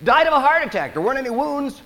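A man preaching a sermon as pastor, telling stories with animated, dramatic delivery. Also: extremely high pitch, quick pace, in a large hall, rough recording.

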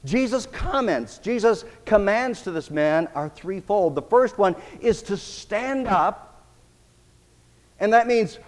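A man preaching a sermon as pastor, emphatic, swinging between loud declarations and quiet, intimate passages. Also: sits high, lively intonation, slow, in a large hall.

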